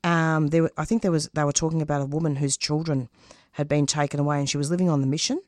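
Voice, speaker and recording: Intense low-voiced woman. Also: fairly even intonation, fast, darkish tone, no echo, studio quality. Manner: intense, emphatic, openly emotional. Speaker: radio producer and host, interview guest. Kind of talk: candid interview answers.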